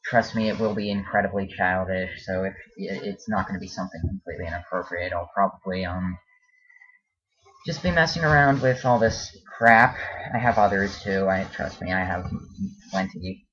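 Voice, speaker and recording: A man talking casually in a home vlog, hesitant and halting, with many ums and restarts. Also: low-pitched, a bit bright. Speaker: vlogger. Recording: dull lo-fi home video.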